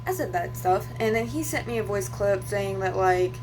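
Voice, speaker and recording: A woman's voice: medium pitch, moderate pace, few pauses, a little hiss or hum. A young woman vlogger telling a story in a casual, rambling rant, venting with fillers and restarts.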